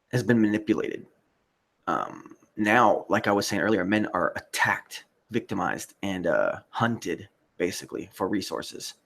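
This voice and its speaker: A man with a low, gravelly voice, talking off the cuff on a livestream. He rambles and swears often, stopping now and then to read out viewer comments. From United States. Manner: rambling, profane, reads chat comments. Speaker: livestream host.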